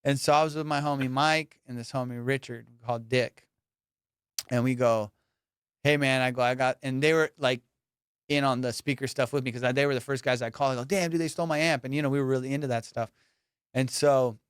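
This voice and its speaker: A male comedian hosting a podcast, telling high school stories in a slangy, animated way and acting out the people in them. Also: a little fast, smooth, no echo, clean studio sound. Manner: slangy, animated, acts out quoted voices. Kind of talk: casual storytelling.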